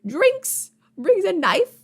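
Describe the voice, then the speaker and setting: A woman's voice: very high voice, wildly swooping pitch, brisk, dark tone, voice pushed up, full character voice. Woman doing an outraged old judge. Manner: exasperated, scolding. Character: fussy indignant older male judge.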